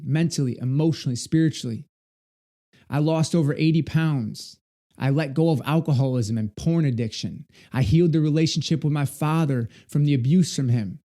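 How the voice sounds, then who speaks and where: Young adult male speaker, earnest and measured, dark mellow tone, personal storytelling. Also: on the high side. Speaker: motivational speaker. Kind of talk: personal story told to an audience.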